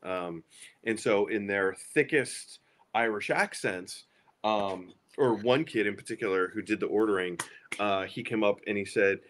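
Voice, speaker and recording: A man's voice: lowish voice, a little slow, a little hiss or hum. A man in a casual podcast chat, telling rambling stories with lots of laughter. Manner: rambling, animated, laughing storyteller. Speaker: podcast guest.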